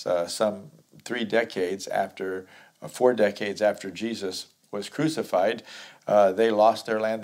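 A man's voice: on the low side, a little mellow. A man teaching through a Bible chapter verse by verse, reading scripture aloud and then explaining it in a conversational way.

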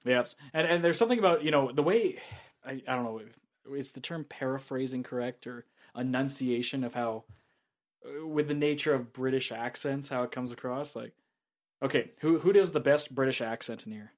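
A man's voice: medium pitch, moderate pace. Joking man in a casual movie chat. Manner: joking, easily amused.

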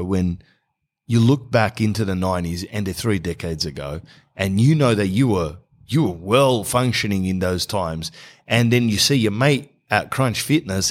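Blunt man telling stories. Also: fairly low pitch. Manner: blunt, rambling, sarcastic. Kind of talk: comic storytelling monologue.

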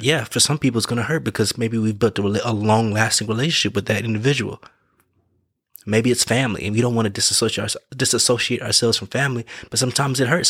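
A man's voice: medium pitch, fairly bright tone, slightly rough, dry recording, studio quality. A man giving casual motivational advice in an earnest way, repeating his points, correcting himself and checking in with the listener. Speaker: vlogger giving life advice.

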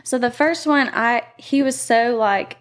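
A woman's voice: on the high side, unhurried, a loud crowd. A woman guest telling stories in casual chat, peppered with "like" and "oh my God.". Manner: chatty, peppered with 'like' and 'oh my God'. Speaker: podcast guest. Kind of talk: casual storytelling.

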